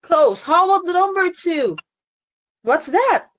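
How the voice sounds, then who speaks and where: A woman's voice: extremely high pitch, sing-song, a little slow, fairly bright tone, dull audio. A woman teaching an online phonics lesson to a child, cheerful and encouraging, laughing often.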